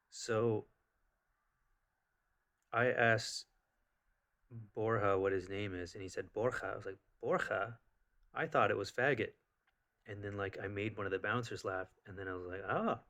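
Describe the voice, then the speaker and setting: A man with a somewhat low voice tells a personal story straight to camera. He rambles and restarts, packs his talk with fillers, and turns animated as he goes. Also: normal speed, long pauses. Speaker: vlogger.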